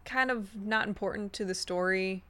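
A woman's voice: mid-range voice, moderate pace, pushed and bright. Woman chiming in on a movie recap, eager, lots of "like" and "you know". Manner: eager, chimes in with agreement and fillers. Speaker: podcast co-host. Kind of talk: casual movie recap chat.

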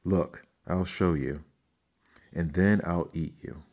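A man reading a storybook and voicing a hungry male genie who booms and snaps. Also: fairly even intonation, slow, a little mellow, heavily acted. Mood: menacing. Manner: booming. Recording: dull lo-fi recording.

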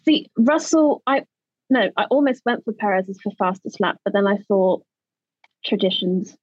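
A woman's voice: mid-range voice, expressive, normal speed, dry recording, dull audio. A woman co-hosting a podcast in playful casual chat. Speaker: podcast co-host.

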